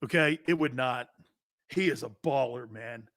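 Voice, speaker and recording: A man hosting a sports talk show, rambling loudly with jokes and swearing. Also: mid-range voice, normal speed, no room sound, clean studio sound. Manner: loud, rambling, jokey, swears freely. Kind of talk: casual sports talk monologue.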